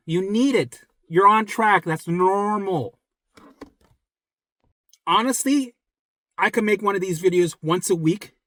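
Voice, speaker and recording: A man talking straight to viewers as a recovery coach, blunt and profane, repeating himself for emphasis and dropping to a soft low voice when reassuring. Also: no room sound, clean studio sound. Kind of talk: direct motivational talk to viewers.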